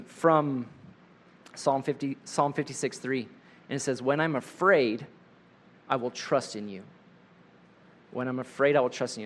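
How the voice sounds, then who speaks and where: A man leading a group through a guided breathing prayer, talking gently and slowing down to softly repeat a short prayer phrase. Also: on the high side. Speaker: leader of a guided prayer session. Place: live in front of a group.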